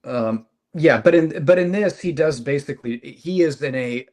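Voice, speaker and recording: A man's voice: fairly high pitch, normal speed, darkish tone. A man co-hosting a podcast, rambling through his thoughts on comics with many hesitations. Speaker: podcast co-host. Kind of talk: casual chat about comics.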